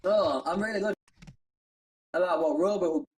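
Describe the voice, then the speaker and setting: A man's voice: sits high, moderate pace, far from the mic, soft background music, rough recording. A man co-hosting a gaming stream, joking energetically and rambling through tangents. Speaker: co-host. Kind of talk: casual let's-play chat.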